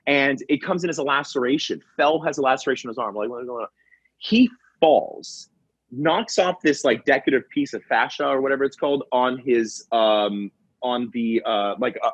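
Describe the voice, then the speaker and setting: Husky-voiced firefighter dude telling stories, lots of bro and man, kinda dull lo-fi sound. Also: mid-range voice, no room sound. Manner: animated storyteller, acts out quotes, says bro and man a lot. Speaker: firefighter and comedy video creator, guest. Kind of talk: casual podcast storytelling.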